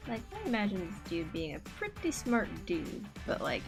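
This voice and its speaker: A young woman artist hosting a casual drawing video, excitable and giggly as she reacts. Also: medium pitch, unhurried, vocal fry, over music. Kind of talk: casual chat while drawing.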